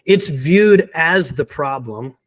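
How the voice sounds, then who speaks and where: A man in an interview, confidently explaining why pain is a sign of a deeper problem, with a laugh now and then between points. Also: lively intonation, slow. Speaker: physical therapy guest. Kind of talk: conversational interview.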